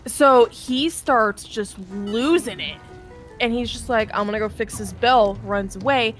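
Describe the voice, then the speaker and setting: A woman's voice: fairly high pitch, unhurried, faint music behind. A young woman casually telling a long work story, acting out customers' lines and laughing often.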